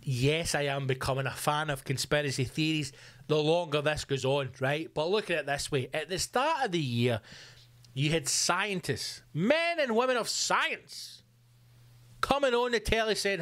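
A man's voice: on the high side, lively intonation, normal speed, fairly bright tone, no room sound. Sweary sarcastic man. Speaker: podcast host. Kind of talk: comic rant. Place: home room.

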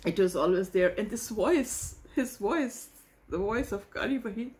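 A woman hosting a reaction video, talking in an emotional, halting way and searching for words. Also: medium pitch, a little mellow. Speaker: host reacting to a hymn. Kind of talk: casual reaction vlog.

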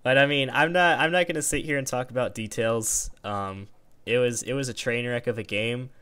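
A young man co-hosts a podcast in casual chat, venting and teasing his partner. His voice is smooth and clear at a middle pitch. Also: moderate pace, bright, forceful tone. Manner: ranting, teasing banter. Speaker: podcast co-host.

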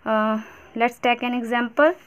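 Teacher, female, Indian English accent, slightly high voice, explains step by step with halting pauses. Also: steady tone, a bit bright, clear, resonant tone. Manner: explains step by step, many fillers and restarts. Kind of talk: classroom grammar lesson.

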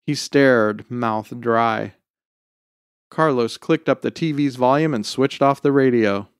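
A man narrating a short story in a measured, expressive storytelling delivery. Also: mid-range voice, clear, resonant tone, dry recording, clean studio sound. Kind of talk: scripted narration.

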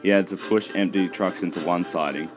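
A man narrating a children's railway storybook in a steady reading voice. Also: deep voice, fairly quick. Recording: music behind, poor mic.

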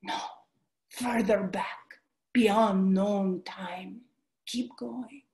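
A woman performing a stage monologue as a fierce Andalusian ancestor woman urging her descendant, speaking slowly and deliberately. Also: mid-range voice, echoey room, natural voice. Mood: hushed, coaxing. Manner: slow, deliberate, shifts from hushed whispers to rousing shouts.

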